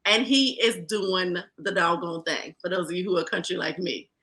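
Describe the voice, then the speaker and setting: A woman with a Southern accent from rural Virginia, hosting a podcast in a lively, folksy, chatty way. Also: on the low side, normal speed. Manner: lively, folksy, talks straight to listeners. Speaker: podcast host. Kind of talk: casual podcast chat.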